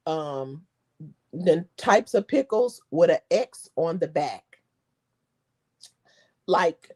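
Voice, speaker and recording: A woman vlogger chatting casually, telling a story in an animated way, mimicking people and laughing often. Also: lowish voice. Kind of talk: casual chat.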